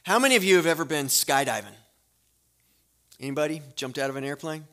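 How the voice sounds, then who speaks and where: A man preaching a sermon as a guest pastor in a church, telling a story in a relaxed conversational way with fillers before a prayer. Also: a little high, brisk, long pauses. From Florida. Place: church sanctuary.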